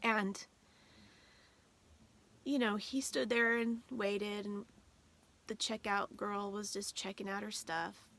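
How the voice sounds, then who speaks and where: A woman's voice: mid-range voice, fairly even intonation, slow pace, pauses often, fairly bright tone. A woman vlogger telling a personal story in a casual, rambling way with many fillers, emotional and holding back tears at times.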